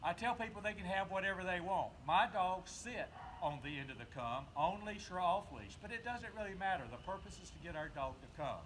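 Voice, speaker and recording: A man with a Southern US accent, a dog trainer calmly explaining his methods between short commands to a puppy, recorded outdoors. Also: high-pitched, a little fast, a little hiss or hum, poor audio. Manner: calm, explains while giving short commands.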